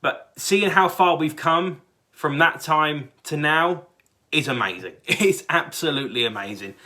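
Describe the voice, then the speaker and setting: Excitable British man reacting to football. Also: a little high, unhurried. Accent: British English. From England. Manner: excitable, rambling with many fillers and restarts. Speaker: sports fan channel host. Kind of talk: casual fan reaction.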